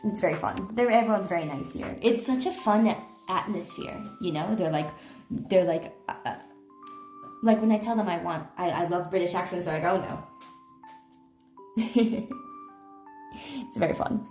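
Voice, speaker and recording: Woman, casual live-stream chat, rambling filler-heavy storytelling, raspy vocal fry, faint music behind. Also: fairly low pitch, normal speed, darkish tone. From United States. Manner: rambling storytelling full of fillers and self-corrections. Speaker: IRL streamer.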